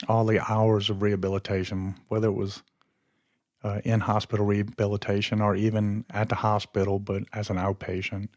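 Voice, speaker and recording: Flat-toned man rambling through a story. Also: fairly low pitch, no room sound, studio quality. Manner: rambling and conversational, often losing his train of thought. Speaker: podcast host. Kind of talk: casual storytelling monologue.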